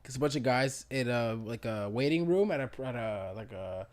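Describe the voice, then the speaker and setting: A man's voice: mid-range voice, moderate pace, a little mellow. A man co-hosting a casual podcast chat, telling stories animatedly and laughing while he acts out quotes. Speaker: podcast co-host.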